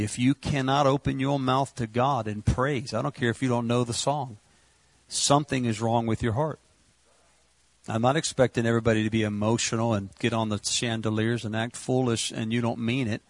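A man preaching a sermon, impassioned and repetitive, rising to shouts on words of praise. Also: mid-range voice, creaky, no echo.

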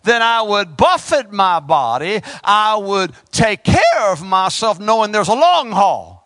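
A man's voice: sits high, big pitch swings, a little slow, fairly bright tone, dry recording. A man preaching an impassioned sermon, calling out to his congregation.

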